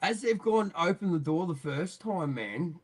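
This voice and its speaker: A man's voice: on the high side, animated, measured pace, slightly rough. An Australian man, a podcast guest telling a long story in casual, rambling fashion, full of swearing and frequent laughter. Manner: profane, rambling, laughs often.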